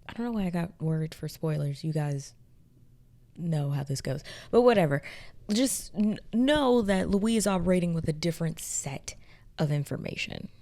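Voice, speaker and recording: A young woman casually recapping and reviewing a TV episode, excitable and chatty with many fillers. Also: sits low, gravelly. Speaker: pop culture video essayist.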